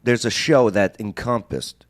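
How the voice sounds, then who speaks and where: A man hosting a casual talk show, joking and chatting with a co-host. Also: on the low side. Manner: animated, quick to joke.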